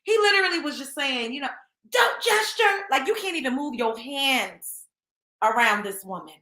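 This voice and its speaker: A woman hosting a casual commentary show, animated and slangy, laughing often. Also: high voice, normal speed, roomy sound. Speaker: show host.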